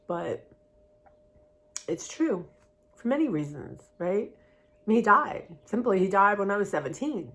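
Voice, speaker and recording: A woman's voice: mid-range voice, very animated, unhurried, long pauses, fairly bright tone. A woman talking candidly in a personal vlog, rambling and heartfelt in a confiding way. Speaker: vlogger.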